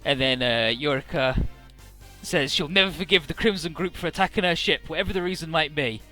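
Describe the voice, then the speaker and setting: A man's voice: fairly high pitch, brisk, pushed and bright, soft background music. A man casually recapping a video game's story in a rambling, irreverent way with lots of fillers. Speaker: let's play narrator. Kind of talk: casual game recap narration.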